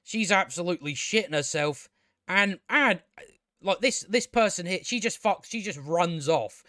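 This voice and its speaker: A man's voice: high voice, expressive, normal speed, sharp tone, no room sound, studio quality. A man casually reviewing a show, exasperated and sweary, rambling with many restarts.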